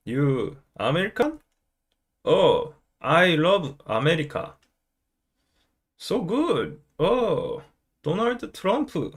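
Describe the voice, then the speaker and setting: A man's voice: high voice, pitched above the performer's own voice, full character voice. Man doing an overeager Korean uncle in broken English.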